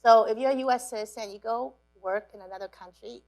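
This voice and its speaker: A woman from Cambodia telling stories to students, lively, laughing often and acting out what people said. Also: medium pitch, rapid-fire, creaky, few pauses. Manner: lively storyteller, acts out quotes, laughs often. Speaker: guest speaker. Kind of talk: storytelling talk to students.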